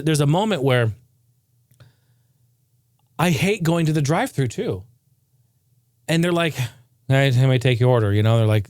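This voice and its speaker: A man's voice: mid-range voice, no room sound, studio quality. A man hosting a podcast, talking in a casual, profane rant. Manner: profane, ranting, animated. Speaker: podcast host. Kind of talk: casual ranting monologue.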